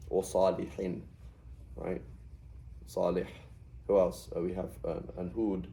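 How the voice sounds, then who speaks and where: A man's voice: low voice, little pitch movement, a little slow, vocal fry, warm tone, poor audio. A middle-aged man teaching a Quranic Arabic class in a conversational way, often checking with "right?". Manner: explains with frequent "right?" checks.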